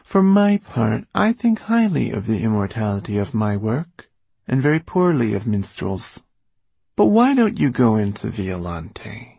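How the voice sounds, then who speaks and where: A man's voice: lowish voice, very animated, a little slow, gravelly, warm tone, breathy edge, dry recording, voice pushed up, full character voice. A man voicing a haughty, bored male court illuminator who speaks with a slight lisp and a disdainful drawl.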